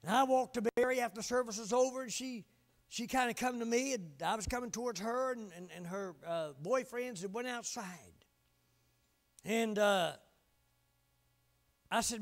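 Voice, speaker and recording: Older man, preacher, fervent sermon, gravelly, high-pitched, loud then hushed. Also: normal speed, long pauses. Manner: fervent, swings between loud exhortation and hushed asides. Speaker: pastor.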